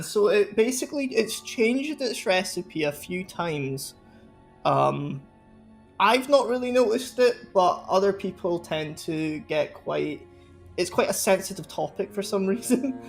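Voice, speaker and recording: A man's voice: high voice, creaky. A young man chatting casually with his stream viewers, rambling and laughing often. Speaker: live streamer.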